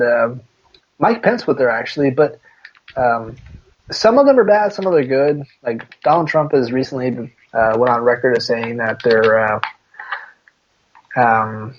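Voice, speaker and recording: This male co-host has a medium-pitched voice and a measured pace, keeping the podcast conversation rambling, relaxed, and full of laughter. The recording sounds dull and lo-fi.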